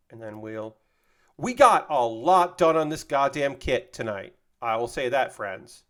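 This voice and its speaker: A man's voice: a little high, fairly bright tone. A man in his forties, a streamer, chatting casually and rambling while he builds a model kit and answers chat, with casual swearing.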